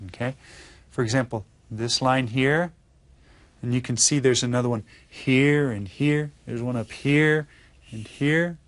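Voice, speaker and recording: A man teaching an elementary lesson, patient and slow, repeating words and checking in with his students. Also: mid-range voice, no room sound. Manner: patient, explains slowly with repeats and check-ins. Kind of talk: classroom lesson.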